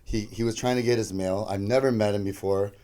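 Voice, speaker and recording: A man's voice: on the low side, fairly even intonation, brisk, dark tone. A man co-hosting a podcast, telling a story loosely in casual chat with a lot of filler "like"s. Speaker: podcast co-host.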